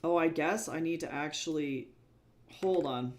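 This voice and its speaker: Man, fairly high voice, casual livestream chatter, self-deprecating, talks to himself while drawing. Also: unhurried. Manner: rambling, self-deprecating, thinks aloud. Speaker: webcomic artist streaming.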